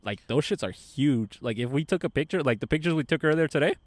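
A man's voice: a little high, expressive, quick pace, no room sound. A young man co-hosting a podcast outdoors in a park at night, joking around and laughing in a laid-back way. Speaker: podcast co-host. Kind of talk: casual chat. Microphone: podcast microphone.

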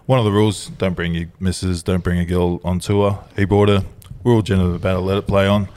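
A low-voiced man co-hosting a laid-back podcast. He tells stories with energy and steers the chat with questions. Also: fast talker. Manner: animated storyteller, asks the questions. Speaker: podcast co-host.

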